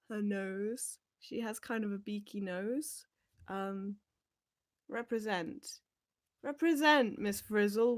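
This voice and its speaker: A woman teacher chatting casually on a livestream, rambling and giggling, with lots of fillers as she reads out viewer comments. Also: on the low side.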